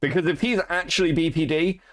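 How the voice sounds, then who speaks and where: A man's voice: fairly high pitch, steady tone, a little fast, a bit bright. A man hosting a stream, giving crude, sarcastic commentary on a clip and laughing often. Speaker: streamer host reacting to a clip. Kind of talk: casual profane stream commentary.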